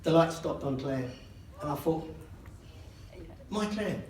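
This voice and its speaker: Speaking steadily at a moderate pace, an older man with a high, slightly mellow voice gives a wedding speech as the bride's father. He pokes fun at himself and laughs between lines, captured distantly in a noisy, echoing indoor hall.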